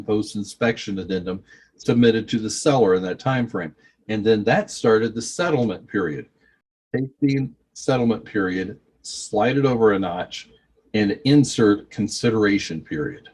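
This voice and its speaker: A man's voice: on the low side, a little mellow, breathy edge. A man teaching a real estate training, reading contract clauses aloud and explaining them in a folksy, conversational way.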